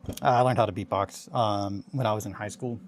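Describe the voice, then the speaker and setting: A man's voice: fairly low pitch, steady tone, a little fast, very noisy. A man streaming a casual hobby chat, rambling and chatty, swearing casually.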